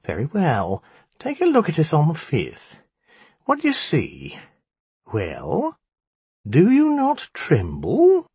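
A man's voice: a little high, wildly swooping pitch, takes it slowly, pauses often, darkish tone, husky, no echo, pitched above the performer's own voice, heavily acted. A man voicing an impatient, pompous male jinn who speaks in a haughty, mocking, commanding way.

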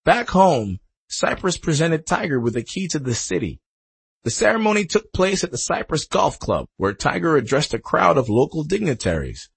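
A man's voice: on the high side, sing-song, moderate pace, creaky, breathy edge. A man narrating a nonfiction sports book in a dramatic storytelling manner, with emphatic swells on key moments. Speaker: audiobook narrator. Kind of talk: scripted narration.

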